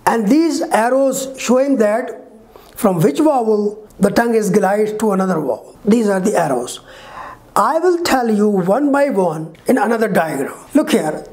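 A woman teaching English phonetics in an online lecture, slowly drawing out each example sound. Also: mid-range voice, darkish tone. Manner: slow, deliberate, drawn-out example sounds.

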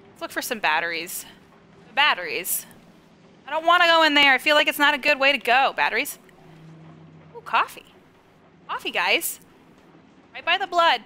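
Bright, high-voiced jumpy woman streamer. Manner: jumpy, giggly, chatty with viewers and her dog. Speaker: game streamer. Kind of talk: live gameplay commentary. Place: home, on a couch. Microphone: close microphone.

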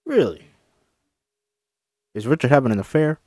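A man's voice: mid-range voice, big pitch swings, normal speed, dry recording, clean studio sound. A man voicing a courtly, probing male detective in a screenplay table read, drifting in and out of a put-on accent.

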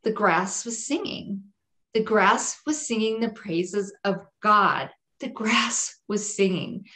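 A woman's voice: medium pitch, slow pace, bright, forceful tone. A woman guest on a podcast, telling a personal testimony in an earnest, vivid way and repeating phrases for emphasis. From Jewish home.

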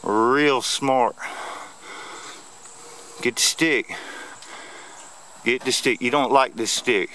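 A man's voice: mid-range voice, sharp tone, a little hiss or hum. A man, vlogging outdoors in a yard. He gives playful, teasing commentary in a sing-song, taunting way. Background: insects and crickets.

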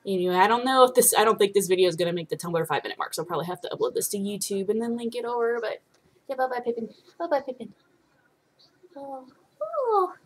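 A young woman talks straight into her webcam at home, loose and rambling, full of ums and casual swearing. She chats to her followers like old friends, in an ordinary mid-pitched voice. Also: racing, few pauses. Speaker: vlogger.

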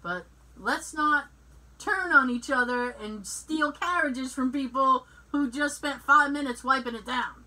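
A woman co-hosting a podcast, telling a story in casual chat, animated and laughing often as she acts out the dialogue. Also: sits high, measured pace, rough recording. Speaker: podcast co-host.

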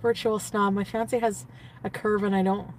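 A woman's voice: mid-range voice, level tone, normal speed. A woman streamer chatting casually, giddy and gushing, often trailing off and laughing. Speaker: livestreamer. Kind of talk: casual livestream chat.

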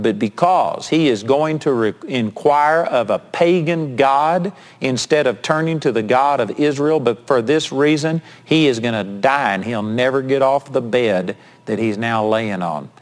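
A male preacher retelling a Bible story in a sermon, acting out the quotes as he tells it. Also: mid-range voice.

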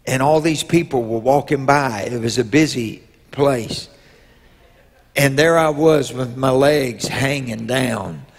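Slow husky preacher man. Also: medium pitch. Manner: slow storytelling with drawn-out pauses; rises to loud emotional peaks. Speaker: bishop. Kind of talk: sermon with a personal story. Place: church sanctuary. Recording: long reverb in a church hall.

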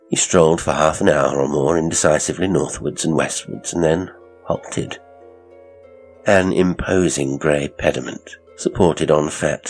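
A man narrating a strange horror story in a measured, deliberate way. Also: rumbling low.

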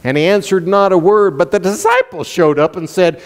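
Pastor guy preaching, high voice, swings up and down, long church echo. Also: moderate pace, few pauses. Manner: animated preaching, sweeping pitch swings. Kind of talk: sermon. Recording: long reverb in a church hall.

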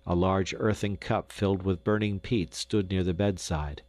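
Older man, gentle storybook narration. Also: sits low, fairly even intonation, moderate pace, no room sound. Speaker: audiobook narrator. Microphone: close studio mic.

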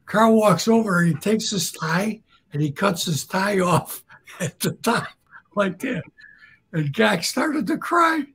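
Man, husky voice, slightly high pitch, casual storyteller, blunt, swears freely. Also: very animated, unhurried, fairly bright tone. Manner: blunt, swearing, laughs at his own stories. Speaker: guest storyteller.

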